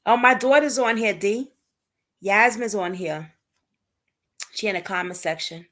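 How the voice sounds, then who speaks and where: Her voice sits at a medium pitch with a fairly bright tone, and she takes her time. It's a casual nighttime stream from her home where she talks through unsolved cases, chatting straight to viewers and reading their comments out as she reacts.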